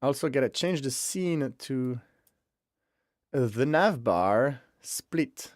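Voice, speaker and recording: A man's voice: medium pitch, expressive, takes it slowly, dry recording, studio quality. A man hosting a live stream from home, chatting casually and rambling with self-amused asides while he sets things up, speaking into a headset mic. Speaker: livestream host. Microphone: headphones with mic.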